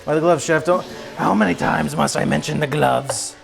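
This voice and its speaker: Streamer-chef: a man with a slightly high voice, jokey and chatty, music playing behind him. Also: fairly even intonation, normal speed, gravelly. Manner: joking, chatty, talks to himself while cooking. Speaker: livestream cooking host. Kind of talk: casual livestream chat. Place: home kitchen.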